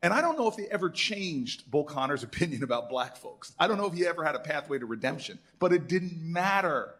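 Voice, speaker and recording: A man in his fifties, a senator, telling animated stories at an alumni event and acting out the people he quotes. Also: a little high, a little fast, breathy edge. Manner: animated storyteller who acts out quoted voices. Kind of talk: storytelling speech.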